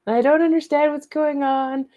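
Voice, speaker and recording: A woman's voice: sits high, steady tone, a little fast, mellow, muffled recording, pitched above the performer's own voice, close to an everyday voice. A woman voicing a fussy, lazy male city dog who whines plaintively about the mud. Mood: reluctant.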